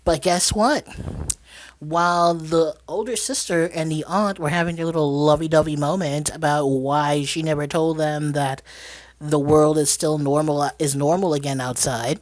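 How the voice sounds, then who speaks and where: A podcast host retells a film casually, wandering through the plot with lots of fillers and self-corrections. The voice sits mid-range with a plain, even tone, recorded dry and close with no room sound. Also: mid-range voice, normal speed, no room sound. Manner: rambling, lots of fillers and restarts, laughs while talking. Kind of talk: casual movie recap.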